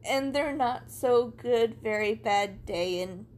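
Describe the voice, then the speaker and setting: A woman's voice: on the high side, slow pace, a little mellow. A young woman hosting a podcast in casual chat, giggly and joking with casual swearing, her throat sore. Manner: giggly, swearing, jokey storyteller. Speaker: podcast host.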